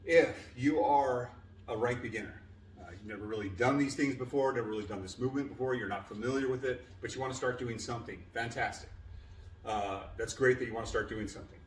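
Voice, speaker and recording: A man's voice: medium pitch, a little fast, far from the mic, a little hiss or hum. A man coaching a push-up workout in a plain, casual way with many fillers, a little winded from exercising. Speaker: fitness trainer. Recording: echoey room, voice from afar.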